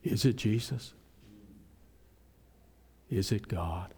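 Slow, deliberate preacher man. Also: fairly low pitch, darkish tone, breathy edge. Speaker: pastor. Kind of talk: sermon.

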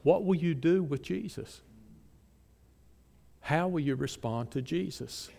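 A man's voice: fairly high pitch, animated, slow pace, gravelly, warm tone, in a large hall. A man preaching a sermon, reading scripture aloud with strong emphasis and putting pointed questions to his congregation.

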